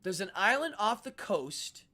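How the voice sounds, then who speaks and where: Animated middle-aged man hosting a livestream. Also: high voice, measured pace. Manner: animated and rambling, chatty asides to viewers. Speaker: livestream host. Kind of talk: casual livestream chat with viewers.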